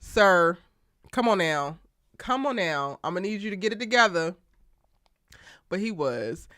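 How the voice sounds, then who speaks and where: A woman hosting a live TV show recap, talking in an animated, slangy, emphatic way and laughing often. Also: fairly low pitch, a little slow, no room sound, studio quality. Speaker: TV show aftershow host.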